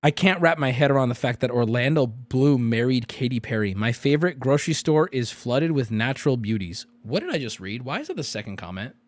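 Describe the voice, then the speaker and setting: A man in his thirties streaming, ranting with heavy profanity and breaking into sudden incredulous yells. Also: medium pitch, big pitch swings, fairly quick, hardly any pauses, no echo. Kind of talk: ranting live stream commentary.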